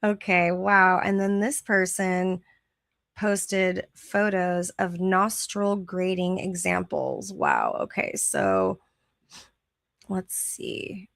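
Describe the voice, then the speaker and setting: A woman's voice: on the low side, expressive, very slow, vocal fry, fairly bright tone, no echo. A woman hosting her show, reading online posts aloud in casual chat, chatty and gushing and laughing often. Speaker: podcast host.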